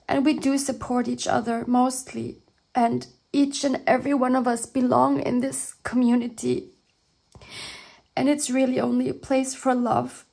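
A woman with a fairly high, gravelly voice talks slowly through a casual crafting show-and-tell. She gushes over her work with warm exclamations of delight and gets openly emotional. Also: little pitch movement. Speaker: junk journaling video host.

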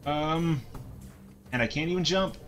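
A man's voice: on the high side, a little slow, fairly bright tone, faint music behind. A man streaming a game live and commenting casually, often stammering and filling gaps with ums and uhs.

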